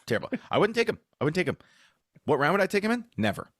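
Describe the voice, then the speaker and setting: A teasing, dismissive grown man, as a podcast host puts on his co-host's voice. The voice rides noticeably higher than the host's own and comes across with a scornful edge. Dry, close sound. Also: very animated, racing, a bit bright, dry recording. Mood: mocking. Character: co-host Moose mocking his friend, adult man.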